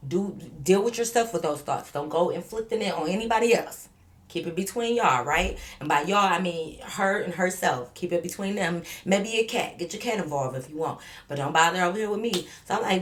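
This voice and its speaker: Woman vlogger, lower voice, animated and profane storyteller. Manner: animated, profane, speaking straight to viewers. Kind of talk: storytime vlog.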